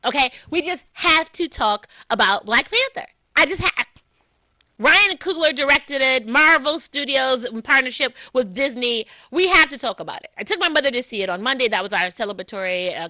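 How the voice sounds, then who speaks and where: Bright-voiced woman radio talk host. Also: sits high, no room sound. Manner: warm, heartfelt, conversational, telling personal stories.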